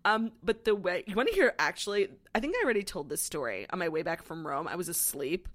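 A woman's voice: lowish voice, lively intonation, fast. A young woman co-hosting a casual pop-culture podcast, chatty and sarcastic, swearing freely. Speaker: podcast co-host. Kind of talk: casual chat.

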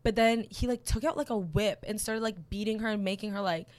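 A young woman talking as a podcast guest in casual chat, animated and peppered with "like" and swearing. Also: mid-range voice, a little fast, no echo.

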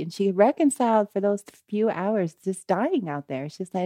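A woman telling a story in a casual, animated way, often adding "you know" and "right?" between phrases. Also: moderate pace, hardly any pauses, no echo, studio quality. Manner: gets louder and higher when she quotes the people in the story.

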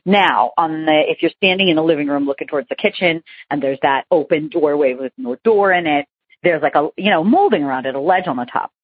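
Woman caller, young adult, rambling chatty storytelling, husky low voice, dry dull lo-fi phone sound. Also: a little fast, no echo. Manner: rambling, chatty, animated retelling with many fillers. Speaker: caller telling a ghost story.

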